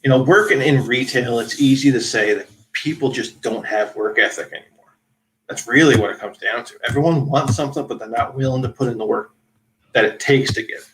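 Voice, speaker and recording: A man's voice: mid-range voice, brisk, fairly bright tone, a little hiss or hum, low-quality recording. A man co-hosting a casual podcast, giving wry, opinionated commentary. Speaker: podcast co-host. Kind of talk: casual chat.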